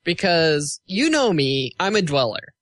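A man's voice: fairly high pitch, big pitch swings, a little slow, a bit bright, no echo. A man co-hosting a podcast in casual chat, earnest and easily amused. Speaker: podcast co-host.

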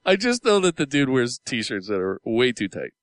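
A man's voice: medium pitch, big pitch swings, moderate pace, no echo. A man co-hosting a podcast in casual chat, playful and jokey. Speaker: podcast co-host.

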